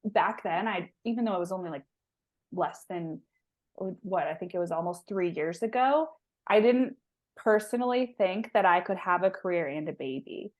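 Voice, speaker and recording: A woman's voice: fairly low pitch, normal speed, darkish tone. A woman in her thirties, a guest on an interview show, telling a personal story in a chatty, emotional way with many restarts. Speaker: guest, holistic health practitioner.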